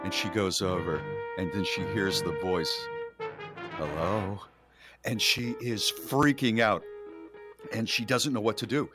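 A man co-hosting a radio talk show, retelling a story in a rambling, animated way with restarts. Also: lowish voice, normal speed, over music. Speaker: radio co-host. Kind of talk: casual storytelling.

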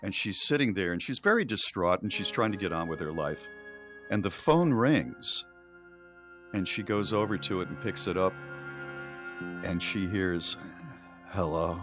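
Animated storytelling man with a deep voice. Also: normal speed, long pauses, soft background music. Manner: rambling, animated retelling with restarts. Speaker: radio co-host. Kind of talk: casual storytelling.

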